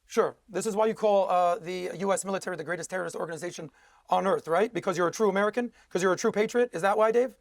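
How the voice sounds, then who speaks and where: Fast, high-voiced man arguing combatively. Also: gravelly, no echo, studio quality. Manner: combative, sarcastic. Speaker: debate guest. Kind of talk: heated TV debate.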